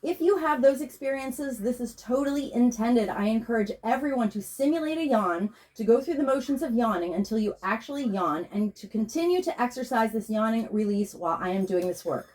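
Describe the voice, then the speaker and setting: An American woman spiritual healer in Pennsylvania, speaking slowly and soothingly as she leads a guided meditation, then chants a repeated prayer over a tarot reading. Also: on the high side, lively intonation, darkish tone. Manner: slow, soothing, incantatory. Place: home, Pennsylvania.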